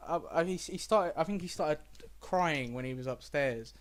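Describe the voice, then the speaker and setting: A young man chats on a casual podcast, his voice sitting a little high. He tells stories animatedly, swearing as he goes. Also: moderate pace. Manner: animated storyteller, swears freely. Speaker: podcast co-host. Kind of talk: casual chat.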